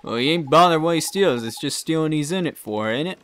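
A man's voice: a little high, expressive, brisk, fairly bright tone, clear, resonant tone. A man reading out a game's dialogue, voicing a blunt male fairy sidekick who talks in folksy slang. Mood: musing.

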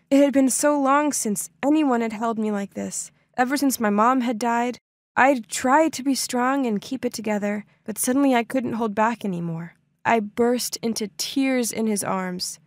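Young woman narrating an animated story, dramatic, kinda high voice, very dry close mic. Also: no room sound. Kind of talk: first-person story narration for an animated video.

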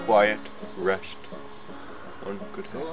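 A man playing a rambling, unhinged backwoods man who stammers, trails off and bursts out loud. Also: fairly low pitch, little pitch movement, drawn-out words, faint music behind, low-quality recording. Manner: rambling, stammering, sudden outbursts. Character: rambling unhinged backwoods man, proud of his forest home. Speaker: comedian. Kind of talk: improvised comedy sketch.

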